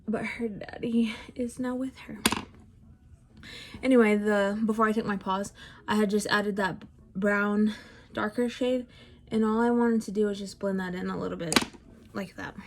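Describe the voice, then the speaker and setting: A woman's voice: medium pitch, steady tone, moderate pace, background noise. A young woman, heavily pregnant and out of breath, chatting casually at home while she does her makeup for the camera. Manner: chatty and self-deprecating, with frequent sighs. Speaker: beauty vlogger. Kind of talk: casual makeup tutorial chat.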